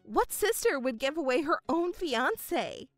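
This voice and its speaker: A woman voicing a patient young woman, an elder daughter, speaking in a restrained, exasperated and quietly sarcastic way. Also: high voice, very animated, unhurried, no echo, faint music behind. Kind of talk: voiced story narration.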